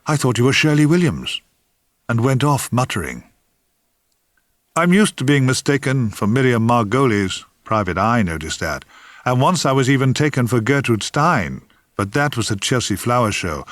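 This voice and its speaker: A man's voice: on the low side, lively intonation, normal speed, a bit bright, dry recording. Wry older man narrating his memoir. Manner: dry, wry, theatrical storytelling. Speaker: author reading his memoir.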